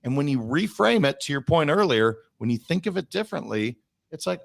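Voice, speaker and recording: Lively, gravelly man reflecting as a guest. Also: a little high, fairly quick, dry recording. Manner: reflective, talks through his own thinking. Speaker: podcast guest. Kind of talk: podcast conversation.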